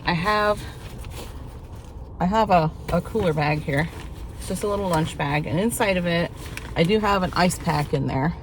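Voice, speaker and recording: A woman's voice: on the low side, moderate pace, long pauses, noisy background. A middle-aged woman chatting casually in a vlog, telling stories with frequent laughter. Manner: chatty, laughs often, self-deprecating storytelling. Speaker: vlogger.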